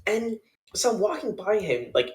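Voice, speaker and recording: Young man telling an animated story. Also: high voice, normal speed. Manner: animated, laughing, acts out quoted people. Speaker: podcast co-host. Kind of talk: casual storytelling chat.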